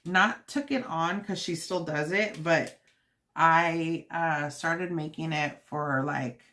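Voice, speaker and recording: A woman's voice: low voice, slow, a bit bright. A woman hosting a casual home livestream, chatting to her viewers and laughing often while she makes treats in the kitchen. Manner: chatty and giggly, full of fillers and quoted asides. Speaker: livestream host.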